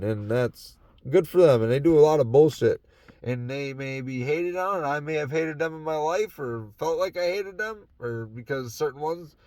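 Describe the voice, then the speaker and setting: A podcast host, a young man from Wisconsin, sits in his parked truck and rambles casually and profanely about his life, laughing between thoughts. His voice sits in the mid-range, with no echo, picked up by a phone or camera in the truck.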